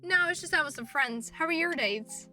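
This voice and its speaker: A woman streamer reading a visual novel aloud and reacting, expressive, swearing and laughing at herself. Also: high voice, normal speed, distant mic, soft background music. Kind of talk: game playthrough, reading and reacting.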